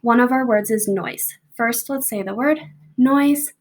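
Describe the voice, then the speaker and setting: A young American woman teacher recording a patient, step-by-step spelling lesson for families. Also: fairly high pitch. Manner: patient, slow, step-by-step prompting. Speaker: second grade teacher. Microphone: home video recording.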